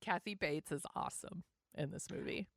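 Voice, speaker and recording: A woman with a fairly low voice talks through a film in casual podcast chat, dropping wry, teasing remarks. She sounds close to the mic, and the sound is dry with no room echo. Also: normal speed, gravelly, fairly bright tone. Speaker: podcast co-host.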